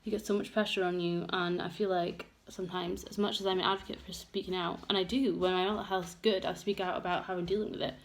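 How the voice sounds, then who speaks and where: A woman's voice: fairly low pitch, flat delivery, quick pace, hardly any pauses. A young woman vlogging a candid get-ready-with-me chat, open and emotional, rambling with many fillers. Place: home room with children around. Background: noisy household.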